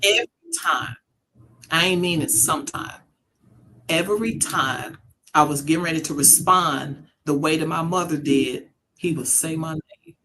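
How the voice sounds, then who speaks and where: Speaking at a moderate pace in a low voice with a sharp tone, a middle-aged mother recounts a personal experience during casual talk. She's earnest and thoughtful, and she acts out the quoted voices in her story.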